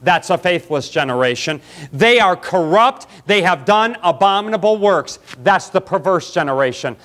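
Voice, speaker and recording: A man's voice: sits high, a bit bright. A man preaching a folksy, fiery sermon in a church, calling out congregants by name. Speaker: pastor. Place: church sanctuary.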